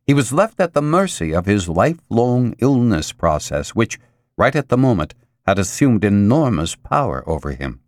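Expressive male audiobook narrator. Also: on the low side, no echo, studio quality. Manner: measured, expressive reading with dramatic pauses. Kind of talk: scripted narration.

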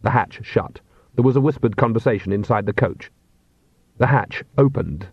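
A man narrating a comic fantasy audiobook in measured, dry storytelling. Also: mid-range voice, animated, husky, no echo. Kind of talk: scripted narration. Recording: dull, dry audiobook recording.

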